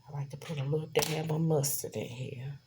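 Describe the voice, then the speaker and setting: A woman with a low, warm voice talks briskly in a steady tone as she cooks in her home kitchen for a casual cooking vlog. Chatting away to her viewers, she calls them "y'all." There's slight background noise.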